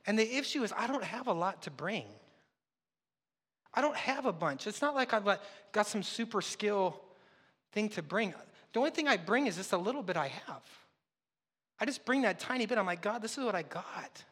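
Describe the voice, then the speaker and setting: A man's voice: high-pitched, expressive, normal speed, fairly bright tone, slightly rough, big-room sound. A man preaching a sermon as pastor, telling stories in a conversational, self-deprecating way. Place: church sanctuary.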